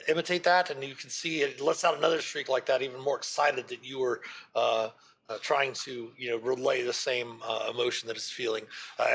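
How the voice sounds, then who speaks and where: A man's voice: medium pitch, a bit bright, a little hiss or hum. A man narrating as game master in a loose style full of fillers.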